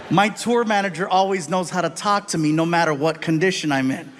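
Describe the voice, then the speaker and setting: A man doing stand-up, telling stories in an animated way and acting out characters. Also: a little high, fairly quick, hardly any pauses, a little hiss or hum. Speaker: stand-up comedian. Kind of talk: stand-up storytelling.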